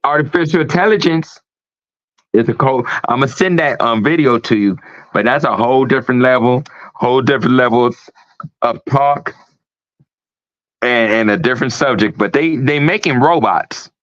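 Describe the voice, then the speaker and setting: A man's voice: medium pitch, moderate pace, a bit bright, dry recording. A man hosting a livestream talk show, ranting emphatically with a lot of profanity. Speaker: host. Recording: dull lo-fi stream audio.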